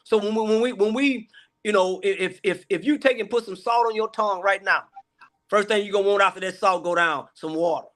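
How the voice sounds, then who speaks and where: A man's voice: sits high, a little fast, fairly bright tone. A man, a guest pastor talking casually with an emphatic, repetitive preaching cadence.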